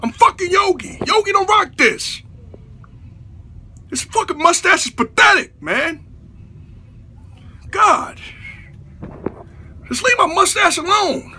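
A man rants to camera in a comedic vlog, exasperated and profane, breaking into shouts. His voice sits very high with a piercing brightness, and his pitch leaps around constantly. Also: expressive, slow pace, pauses often. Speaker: comedy vlogger.

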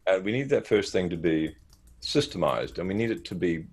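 A man's voice: deep voice, fairly quick, breathy edge. A man in his fifties, a podcast guest, telling stories with lots of restarts. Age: 50s. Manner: animated storyteller with frequent restarts. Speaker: podcast guest, marketing advisor. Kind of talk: casual interview storytelling.

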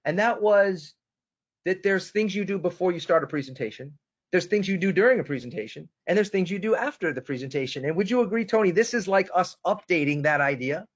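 Guy from boston telling a story on a webinar, kinda high voice, dull lo-fi sound. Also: animated, a little fast. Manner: storytelling, enthusiastic, addresses co-host by name. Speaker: webinar co-host. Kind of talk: webinar presentation.

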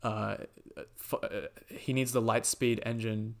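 A man's voice: mid-range voice, little pitch movement, a little slow, gravelly. A man hosting a podcast, chatting casually about a movie and recapping the plot with lots of fillers and quoted lines. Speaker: podcast host.

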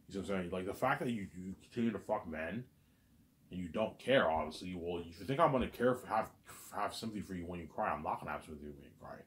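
Low-voiced man rambling agitatedly. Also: expressive, fast talker. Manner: repetitive, stammering, agitated. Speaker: vlogger. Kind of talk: rambling monologue.

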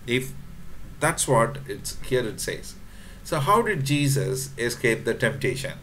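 Male preacher, mid pitch, halting sermon delivery with fillers, faint hiss behind. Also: animated, fairly bright tone. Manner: halting, repeats words, frequent fillers, quotes scripture; addresses congregation directly.

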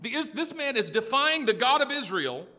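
A man's voice: extremely high pitch, very animated, normal speed, bright, forceful tone, in a large hall. A male pastor preaching an emphatic, storytelling sermon with lots of repetition in a church.

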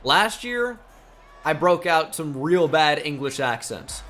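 A man giving casual, joking video game commentary, excitable and swearing freely. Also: a little high, slow. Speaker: gaming YouTuber.

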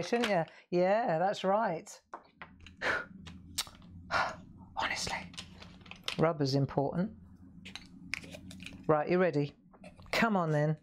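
A woman's voice: deep voice, a little mellow, a little hiss or hum. A woman hosting a live coloring demonstration, chatting and asking viewers questions as she works. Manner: chatty, asks viewers questions, laughs often. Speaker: craft show host.

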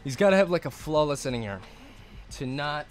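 A man streaming live gameplay and answering his chat, cursing often and swinging between low mutters and angry outbursts. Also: animated, a little fast, faint music behind. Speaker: gaming streamer.

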